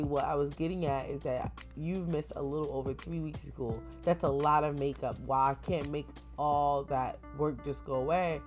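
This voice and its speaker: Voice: mid-range voice, darkish tone, close to an everyday voice. A reader voicing a kindly older male school principal in a formal, reassuring way.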